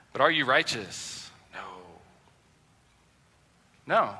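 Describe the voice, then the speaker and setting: A man's voice: on the high side, animated, moderate pace, bright, forceful tone. A man preaching a sermon as a pastor, telling everyday stories and acting out small scenes. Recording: long hall reverb, faint music.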